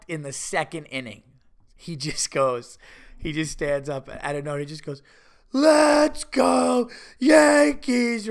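Podcast host, middle-aged New man, slightly high voice with gravelly fry, loose rambling storyteller. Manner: rambling, animated, with many restarts and mock voices. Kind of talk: casual storytelling.

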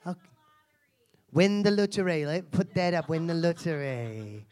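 A crude, foul-mouthed self-help seminar guru in a live comedy act, a man putting her on. She mocks and insults her audience with theatrical scorn, in a voice pitched a touch higher than usual. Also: lively intonation, normal speed, a little mellow, lightly acted. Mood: brash. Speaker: comedian performing a character. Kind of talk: live stand-up character act.

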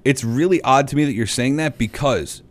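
A man's voice: medium pitch, moderate pace. A man co-hosting a casual wrestling chat, blunt and emphatic, swearing freely.

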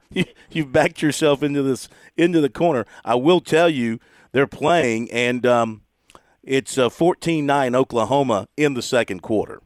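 A radio sports show host with a mid-range voice and measured pace runs through game picks in a casual on-air chat. He's jovial, laughing often at his guests and while reading spreads. The studio sound is clean, with no room noise.

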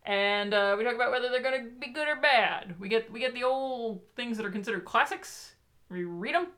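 A woman co-hosting a relaxed chat about children's books. She teases her partner, drops jokey asides and keeps the talk moving in a playful, easy way. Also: fairly high pitch, a little fast. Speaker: podcast co-host. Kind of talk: casual chat.

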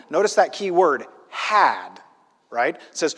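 A man preaching a sermon, reading scripture aloud and acting out the story with lively, loud asides. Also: a little high, unhurried. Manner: animated, dramatizing the story with loud acted-out asides. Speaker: pastor. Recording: long hall reverb.

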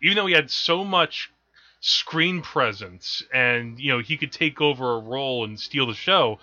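A man's voice: medium pitch, animated, normal speed, bright, forceful tone. A man co-hosting a film podcast, rambling and correcting himself as he goes, often laughing at his own stories, on dull lo-fi audio. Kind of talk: casual chat about films.

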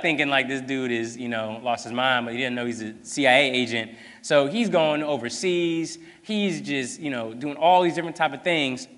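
A man's voice: medium pitch, normal speed. Man preaching in a reverberant hall. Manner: conversational, animated storytelling with many fillers. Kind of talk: sermon.

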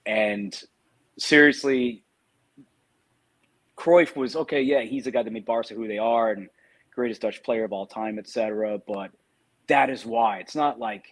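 A husky male voice at a middle pitch, co-hosting a casual football podcast. He delivers dry, sardonic asides in a relaxed, conversational way. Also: a little slow, pauses often. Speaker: podcast co-host.

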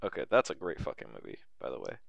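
A man's voice: a bass voice, big pitch swings, fast talker, creaky, a bit bright, no room sound, dull audio. A man chatting casually and keenly, swearing now and then. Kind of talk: casual chat.

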